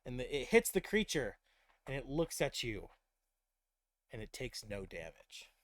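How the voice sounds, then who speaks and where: A man running a tabletop game as game master, narrating in a quick, animated way with restarts. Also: medium pitch, no room sound.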